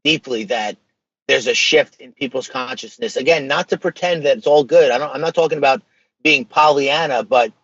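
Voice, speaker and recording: Animated man, slightly dull recording. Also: mid-range voice, moderate pace, slightly rough, no echo. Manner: animated, emphatic, casual slang. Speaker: podcast guest, social media page creator. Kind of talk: casual interview conversation.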